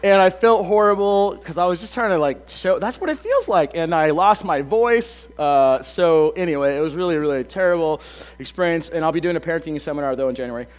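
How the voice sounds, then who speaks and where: A slightly hoarse man in his thirties, a pastor giving a casual, joking sermon full of ums and uhs. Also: on the high side, brisk. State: a bit hoarse.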